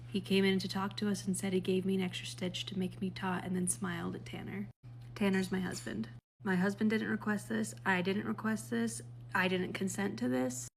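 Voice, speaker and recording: A woman's voice: mid-range voice, level tone, moderate pace, vocal fry, a little hiss or hum, rough recording. A young woman recovering from surgery, telling a personal story in a casual, earnest, hurt tone as she warns others.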